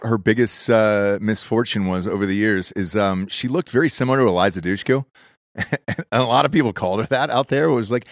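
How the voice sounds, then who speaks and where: A man hosting a casual podcast in a studio, talking loudly and profanely and jumping into hype-man shouts. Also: lowish voice, fast talker, no room sound. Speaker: podcast host. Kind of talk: casual banter. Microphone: studio mic.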